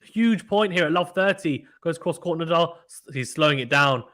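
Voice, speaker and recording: Excitable man calling tennis live. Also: a little high. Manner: fast, animated play-by-play, reads chat aloud. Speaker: live tennis commentator and stream host. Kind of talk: excited casual live commentary.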